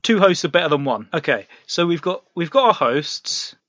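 A man's voice: a little high, sing-song, moderate pace, a bit bright, no room sound. A man co-hosting a comedy podcast, upbeat and building on ideas. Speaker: podcast co-host. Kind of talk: casual comedic brainstorming chat. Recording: dry, muffled lo-fi podcast audio.

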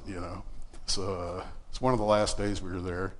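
A man's voice: low-pitched, brisk, big-room sound. Man preaching with a casual storytelling voice. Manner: casual, conversational storytelling with fillers and animated quoted dialogue. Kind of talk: sermon with personal story. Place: church.

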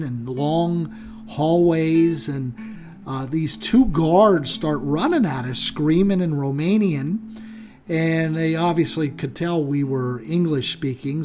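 An American man, middle-aged, hosting a show and chatting his way through a travel story with lots of fillers. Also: fairly high pitch. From United States. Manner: animated, chatty, many fillers. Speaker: podcast host.

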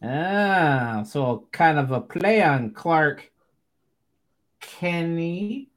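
A man's voice: fairly high pitch, animated, drawn-out words. Chatty laughing man on a podcast. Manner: chatty, laughs often, swears casually. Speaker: podcast host. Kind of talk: casual chat.

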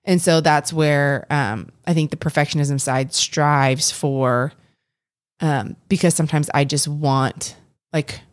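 A woman's voice: sits low, steady tone, slow pace, dry recording, studio quality. A young adult woman co-hosting a casual faith podcast, earnest and rambling with frequent restarts. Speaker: podcast co-host.

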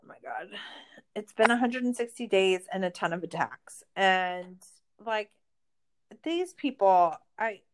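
A woman's voice: medium pitch, animated, unhurried. A woman podcast host in a casual recap chat, ranting in exasperation and swearing a lot.

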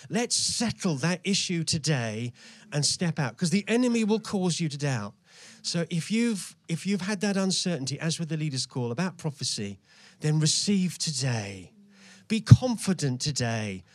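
Man preaching, earnest and urging, bit high pitched, dry mic. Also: no echo. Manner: earnest, urging, rising and falling emphasis. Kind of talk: sermon with prayer.

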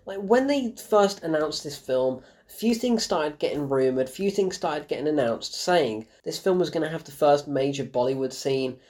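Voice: medium pitch, expressive, normal speed, hardly any pauses, darkish tone. A young adult, giving a casual, rambling film review full of sarcasm and self-corrections.

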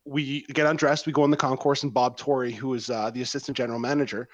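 A man from Canada in a casual chat, telling a story about an old teammate in a relaxed, teasing way with plenty of "uh"s. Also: medium pitch, quick pace, dry recording, highs cut off. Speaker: podcast co-host and old teammate.

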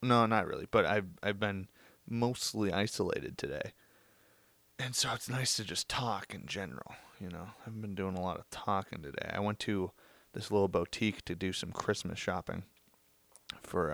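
A man's voice: low-pitched, normal speed, creaky, fairly bright tone, no room sound. A young man alone at home, rambling and joking through a casual solo podcast. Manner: rambling, joking, self-mocking. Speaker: podcast host.

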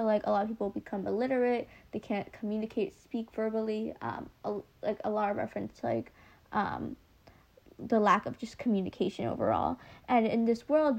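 Her voice is on the high side, gravelly yet a little mellow. She's a young woman running a casual book podcast, chatty and heavy on ums and likes, with a slight lisp from her retainers.

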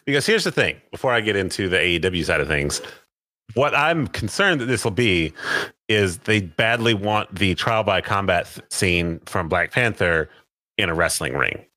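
A man with a very deep voice and a forceful, bright tone co-hosts a casual wrestling podcast. He gives emphatic, opinionated takes. His voice sounds dry and close to the mic. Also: lively intonation, moderate pace, dry recording. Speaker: podcast co-host.

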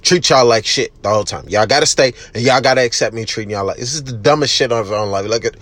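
Male podcast host, solo monologue; blunt, swearing, emphatic rants that get loud, mid-pitched voice, dry close sound. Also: quick pace, no room sound. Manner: blunt, profane, emphatic ranting; loud at times.

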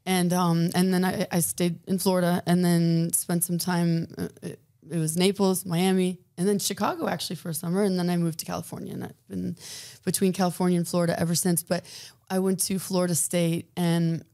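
A woman's voice: lowish voice, little pitch movement, fairly quick, warm tone. A woman from Minnesota in her forties, a guest chatting bubbly and laughing often on a podcast. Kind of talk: casual podcast chat.

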